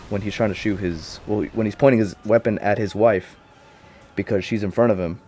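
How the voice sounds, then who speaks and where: A young man with a lowish voice rambles through a loose recap, loaded with slang and casual swearing. He jumps from point to point in an unscripted, chatty delivery. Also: fairly even intonation, fast, mellow, a little hiss or hum. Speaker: vlogger.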